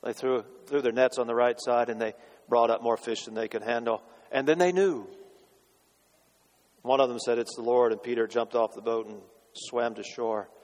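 A man's voice: mid-range voice, moderate pace. Man preaching in a reverberant church. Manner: dramatic, swinging from loud declarations to hushed rhetorical questions. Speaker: pastor. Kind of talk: sermon. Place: church sanctuary. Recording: long reverb of a church hall.

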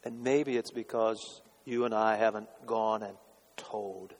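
A man, a pastor, preaching a sermon in a church and shifting between loud declarations and hushed questions to the congregation. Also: on the low side, fairly even intonation, unhurried. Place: church sanctuary. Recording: long reverb of a church hall.

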